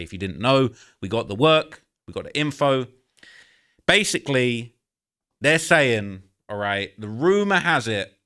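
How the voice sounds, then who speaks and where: A man with a London accent chats his way through a commentary video, forever checking in with the viewer with little "all right?" tags. His voice is smooth and clean. It sounds close and dry, with no room around it. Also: medium pitch, fairly bright tone, dry recording. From London, England. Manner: chatty, keeps tagging lines with "all right?" and "okay?". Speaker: YouTube commentator.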